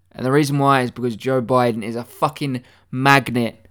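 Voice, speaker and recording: A man delivering a deadpan satirical conspiracy monologue, mock-earnest and rambling, with stammered restarts and swearing. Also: mid-range voice, normal speed, hardly any pauses, smooth.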